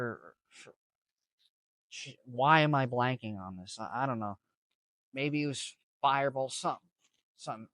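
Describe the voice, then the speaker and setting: A man's voice: mid-range voice, fairly bright tone, no echo. A young man casually telling a story, rambling with lots of fillers and restarts. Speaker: vlogger.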